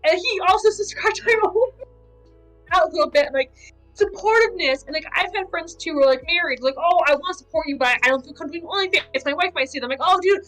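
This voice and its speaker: A woman's voice: very high voice, fast talker, a bit bright, faint music behind, poor audio. A woman cosplayer chatting casually on a podcast, telling stories full of "like" fillers. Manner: chatty storyteller, many "like" fillers. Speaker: cosplayer guest.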